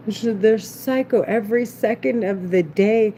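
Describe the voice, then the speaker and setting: A woman's voice: mid-range voice, a little slow, hardly any pauses, warm tone, a little hiss or hum. A woman vlogger talking to camera in an agitated, repetitive, rambling monologue. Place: at home, doing her makeup.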